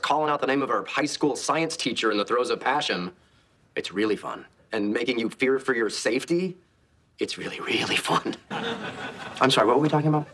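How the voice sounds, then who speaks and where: An actor playing a brash, womanizing bachelor in his thirties, boastful and quick in a sitcom. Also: medium pitch, expressive, background noise, natural voice. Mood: cocky. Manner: boastful, cocky, quick comic delivery. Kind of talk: sitcom acting.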